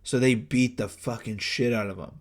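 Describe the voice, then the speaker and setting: A man's voice: medium pitch, steady tone, moderate pace. Crude joking young man, casual banter. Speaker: podcast co-host.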